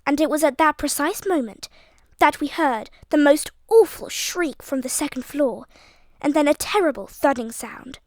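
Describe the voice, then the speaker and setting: High-voiced woman narrating an audiobook. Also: moderate pace, no echo. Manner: expressive, voices each character. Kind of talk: storytelling narration.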